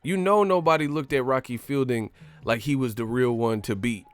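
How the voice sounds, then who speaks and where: A man's voice: medium pitch, moderate pace, soft background music. Loose-talking man on a stream. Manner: loose, slangy, profane, laughing storyteller. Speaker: live stream host. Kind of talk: casual boxing talk.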